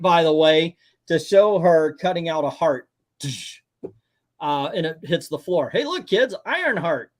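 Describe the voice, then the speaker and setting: A man hosting a casual movie review chat, sarcastic and breaking into mocking voices for the characters. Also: fairly high pitch.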